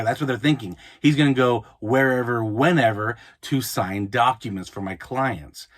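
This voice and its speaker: Speaking at a normal speed with hardly any pauses, this mid-range male voice belongs to a mobile notary from Utah, United States, who hosts an advice podcast. He keeps it conversational, frequently restarting sentences and repeating words.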